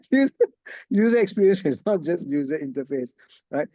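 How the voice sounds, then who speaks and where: A man's voice: a little high, sing-song, moderate pace, dark tone, dry recording, lo-fi sound. A man giving a casual online lecture, chatty and laughing often, checking in with his students. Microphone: video call.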